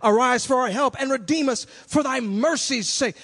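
Guy preaching a sermon, really high voice, shouts then goes quiet, sort of sings it, long echo in a big church. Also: moderate pace, hardly any pauses. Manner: impassioned, swinging between shouted cries and hushed questions. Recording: long hall reverb.

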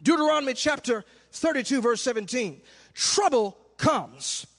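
High-voiced preacher in a reverberant hall. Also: male voice, moderate pace, vocal fry. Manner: animated, acts out little scenes, shouts for emphasis. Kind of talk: sermon.

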